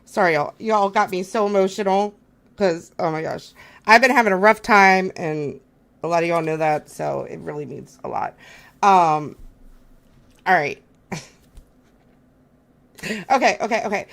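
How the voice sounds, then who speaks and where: A woman's voice: mid-range voice, expressive, takes it slowly, long pauses. A woman hosting a live stream, gushing and flustered as she thanks her viewers.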